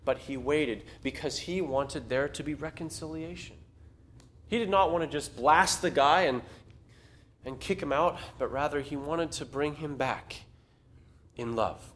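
A man preaching a sermon, telling a story in a conversational, animated way. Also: a little high, unhurried. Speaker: pastor.

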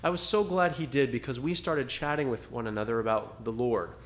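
A man's voice: mid-range voice, fairly quick. A man preaching a sermon to a small congregation in a conversational style, rising to dramatic emphasis at times. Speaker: pastor.

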